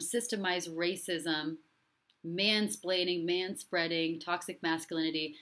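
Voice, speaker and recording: A woman's voice: fairly low pitch, a bit bright. A woman hosting a live stream, speaking in an impassioned and repetitive way and reading out viewer comments. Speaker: host and relationship coach.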